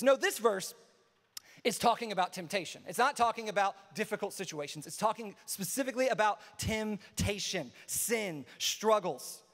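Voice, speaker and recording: A young man delivers a lively sermon from the pulpit, his voice sitting high for a man. He keeps slipping into little acted-out excuses. A long church-hall reverb trails each phrase. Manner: animated, acts out everyday excuses in quick asides. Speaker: pastor.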